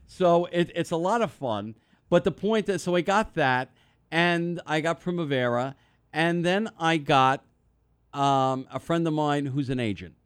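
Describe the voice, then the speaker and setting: A man's voice: on the high side, measured pace, smooth, dry recording. A man hosting a talk radio show, telling rambling stories in casual chat with lots of restarts. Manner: rambling, animated storyteller with restarts. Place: radio studio.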